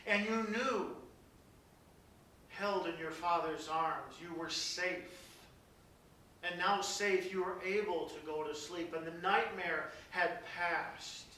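A pastor preaching a sermon, reading scripture dramatically and dropping into soft, hushed passages. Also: male voice, high-pitched, slow, a little hiss or hum. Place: large church. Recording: very echoey church from a distance.

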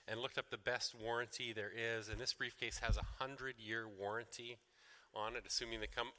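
A man's voice: medium pitch, level tone, a little fast, pushed and bright, long reverb tail. A middle-aged man preaching a sermon in a chatty, rambling way, full of restarts and rhetorical questions. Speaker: pastor.

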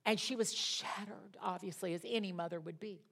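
Woman, middle-aged, Bible study teacher; expressive storyteller with a flair for drama, medium pitch. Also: brisk, creaky.

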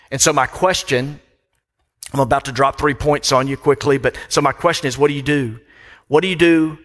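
A man's voice: mid-range voice, fairly bright tone. A middle-aged man preaching a sermon from a church pulpit, emphatic and repeating phrases for weight. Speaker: pastor. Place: church sanctuary. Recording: long reverb of a church hall.

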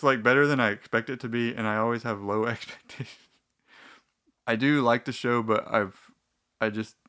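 A man's voice: fairly low pitch, fairly bright tone. A young man chatting casually about shows he watches, rambling with restarts and dry, wry asides. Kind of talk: casual TV show recommendations.

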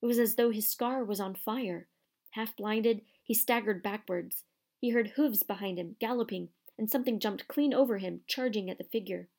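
A woman reading a storybook aloud in a steady, expressive narration. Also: mid-range voice, normal speed. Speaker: audiobook narrator.

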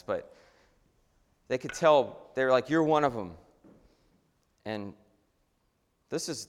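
A man preaches a sermon in a church, his voice sitting in a middling register. He talks in a loose, conversational way, animated and often restarting mid-phrase. The sanctuary gives every word a long, hanging reverb. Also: mid-range voice. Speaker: pastor.

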